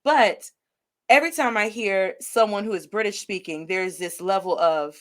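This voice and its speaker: A woman from Detroit with a Detroit Midwestern accent, hosting a podcast interview over a live video call with energetic, expressive talk that mixes in Spanish words. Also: medium pitch, moderate pace, over music. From Detroit, Michigan. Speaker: podcast host. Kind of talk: conversational interview.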